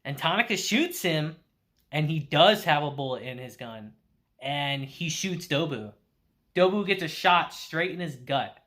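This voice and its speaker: Animated man recapping an episode. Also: a little high, a little slow. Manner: animated storytelling with acted-out quotes. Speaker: anime reviewer.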